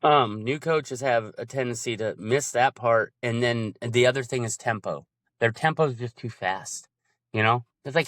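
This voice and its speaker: A man talks animatedly about coaching in a casual chat. His voice sits at a middle pitch, and he keeps jumping into quick impressions to act out examples. The sound is close and dry, with no room around it. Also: fairly bright tone, dry recording.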